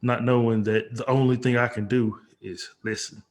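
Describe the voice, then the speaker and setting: This man talks in an earnest, measured way while co-hosting a casual chat. His pitch stays flat and level, with very little rise and fall.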